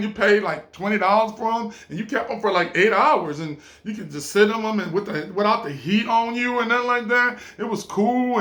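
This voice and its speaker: A man from California, telling a rambling vacation story in a casual vlog. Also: gravelly. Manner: rambling, repeats himself, swings between low mumbles and excited high bursts. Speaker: vlogger.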